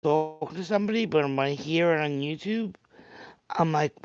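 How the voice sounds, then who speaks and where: On a livestream, a man with a thick Staten Island New York accent rambles casually and chats straight to his viewers, reading and answering their live comments. His voice sits a little high, smooth and at a moderate pace. The recording is lo-fi with no room sound.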